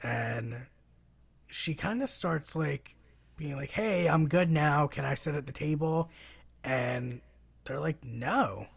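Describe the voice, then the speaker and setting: Podcast co-host, woman, gravelly husky voice, laid-back film recap. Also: low-pitched, takes it slowly. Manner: relaxed retelling with many fillers. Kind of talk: casual film discussion.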